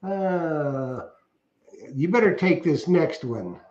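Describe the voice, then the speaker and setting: A middle-aged man with a fairly high voice chats casually as co-host of a livestream. He reads out viewer comments and tells rambling, jokey stories, laughing at his own punchlines. The sound is roomy and a bit dull, like lo-fi stream audio. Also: expressive, takes it slowly, darkish tone. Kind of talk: casual chat.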